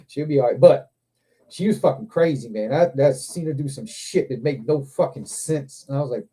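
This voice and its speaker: A man hosting a livestream, telling rambling, profane anecdotes in a loose, animated way. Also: medium pitch, moderate pace, breathy edge. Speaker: livestream host. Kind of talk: casual storytelling chat.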